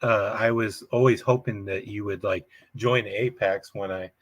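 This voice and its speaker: A man hosts a casual live chat about his hobby, his husky voice coming through dry and close. He talks in stop-start bursts, repeating words as he finds his thought. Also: lowish voice, steady tone, no echo. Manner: halting, many restarts and fillers. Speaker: livestream host.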